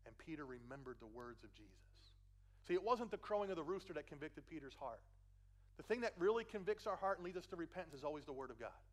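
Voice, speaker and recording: Man, Philadelphia accent, pastor preaching a sermon, acts out the quotes, drops low for emphasis, fairly high voice. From Philadelphia, USA.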